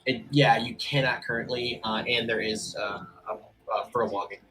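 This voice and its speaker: A man's voice: medium pitch, normal speed, rough recording. A man running a tabletop game as game master, casual and easygoing, with lots of fillers. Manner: casual, relaxed, says "cool" and "um" a lot.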